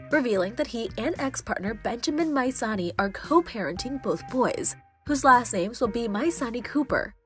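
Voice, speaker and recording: Female news voice-over, upbeat and breezy, slightly high, light music bed. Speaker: entertainment news narrator. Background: faint music bed.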